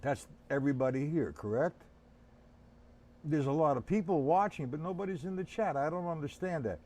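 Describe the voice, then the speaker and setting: A man's voice: a little high, normal speed, a little mellow. An older man teaching a live-streamed drum lesson, chatty and instructive, calling on viewers by name, with drumming behind him.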